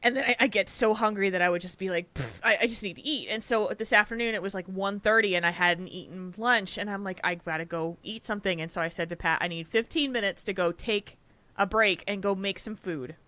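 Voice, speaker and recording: A tired woman co-hosts a podcast in casual chat, rambling, restarting her sentences, and laughing frequently. Her medium-pitched voice is fairly quick, pushed, and bright. The recording sounds dry.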